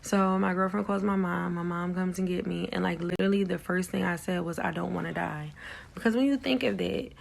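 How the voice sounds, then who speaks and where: A young woman telling her own story in a candid, blunt way, swearing freely and getting animated at the intense parts. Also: fairly low pitch, fairly quick, vocal fry. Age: young adult. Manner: animated, rising loud when recounting shock. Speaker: vlogger sharing her story.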